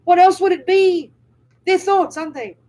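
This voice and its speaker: A woman's voice: very high voice, moderate pace, warm tone, rough recording. A woman Buddhist nun giving a live dharma talk, speaking emphatically and often checking with the audience through rhetorical and tag questions.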